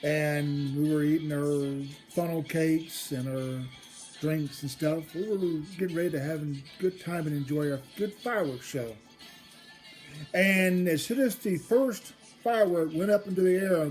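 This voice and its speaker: Woman storyteller, low voice, casual and rambling, rises to excited retelling; faint music under. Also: a little slow. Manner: rambling, restarts, grows loud and excited in the retelling. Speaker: storyteller host. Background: faint background music.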